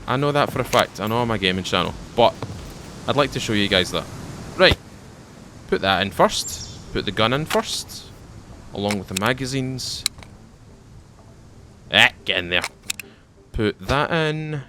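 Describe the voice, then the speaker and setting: A man's voice: medium pitch, lively intonation, a little slow, pauses often, background noise. A man with a Scottish accent giving casual, rambling commentary to his viewers while playing a game, often repeating and restarting his phrases. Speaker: gaming YouTuber.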